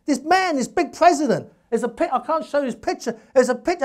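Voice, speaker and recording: A man giving a public lecture, telling anecdotes emphatically, in bursts with restarts and asides. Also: very high-pitched. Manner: emphatic, animated storytelling. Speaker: guest lecturer.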